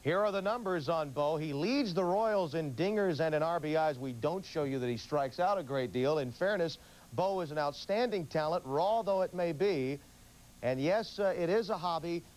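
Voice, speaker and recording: A man co-hosting a sports talk show, giving measured, analytical commentary. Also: a little high, expressive, a little mellow, rough recording.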